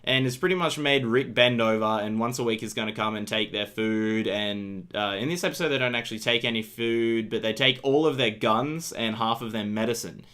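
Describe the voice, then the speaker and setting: A male co-host talking casually and recapping episodes in a relaxed chat. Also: medium pitch, a little fast, hardly any pauses. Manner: easygoing, chatty, recaps plots.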